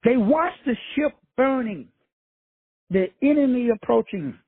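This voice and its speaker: Very husky high-voiced man, tinny phone sound. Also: animated, unhurried, no room sound. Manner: blunt, profane, streetwise preaching. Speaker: motivational speaker, show host. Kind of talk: casual motivational monologue. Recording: dry, tinny phone-like recording.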